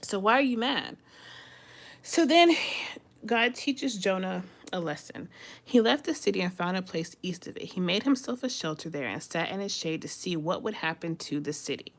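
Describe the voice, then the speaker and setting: A woman's voice: on the low side, animated, moderate pace. A woman leading a casual Bible study, reading scripture aloud and explaining it in a chatty, conversational way.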